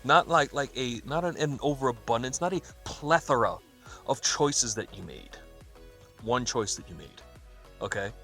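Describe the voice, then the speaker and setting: A man's voice: mid-range voice, animated, moderate pace, bright, forceful tone, faint music behind. A man hosting a podcast, retelling a coworker's story in a casual, profane, laughing way with quoted back-and-forth. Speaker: podcast host.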